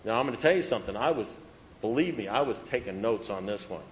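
A man's voice: lowish voice, lively intonation, fast, slight background noise, low-quality recording. A man telling his recovery story to an audience in a humorous, conversational way, repeating phrases for rhythm. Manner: humorous, self-mocking and conversational. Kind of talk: personal storytelling talk to an audience.

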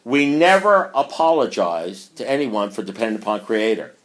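A man's voice: on the low side, expressive, normal speed. Emphatic man speaking to a meeting. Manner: emphatic, with rhetorical questions and swings in loudness; chuckling as he talks. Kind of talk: impassioned talk reading from a book.

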